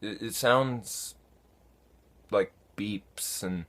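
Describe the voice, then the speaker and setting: A man casually answering viewer comments, unhurried and halting, with many fillers. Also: lowish voice. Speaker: fan conlang vlogger answering comments. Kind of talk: casual talk to camera.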